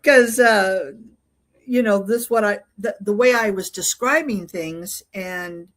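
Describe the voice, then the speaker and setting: Older woman, interview guest, casual storytelling, halting, many fillers and restarts. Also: medium pitch. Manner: halting, full of fillers and restarts while recounting. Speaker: interview guest, UFO investigator.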